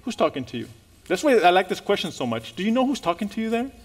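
Animated high-voiced preaching man. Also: quick pace. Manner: animated preaching with rhetorical questions, laughs. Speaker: pastor. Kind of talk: sermon.

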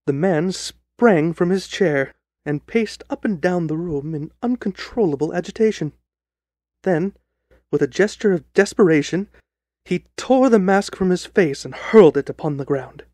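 A man's voice: sits high, expressive, darkish tone, dry recording. Man narrating a period tale. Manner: measured, storytelling. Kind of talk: scripted narration.

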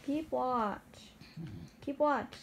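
A woman's voice: high voice, extremely slow, creaky, a little hiss or hum. A woman co-hosting a gaming video, chatting in a playful, teasing way as she plays. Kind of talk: casual gameplay chat.

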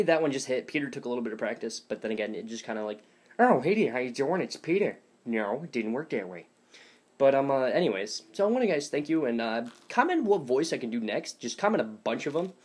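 Recorded at home on what sounds like a phone or webcam, a young voice impressions teacher rambles through a casual tutorial, self-deprecating and heavy on fillers. His voice is mid-pitched with a darkish tone.

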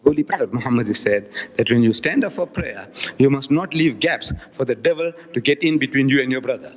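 An older man from South Africa giving a public religious lecture, impassioned, rising to emphatic peaks and dropping low again. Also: lively intonation, fairly quick. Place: large town hall. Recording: long hall reverb.

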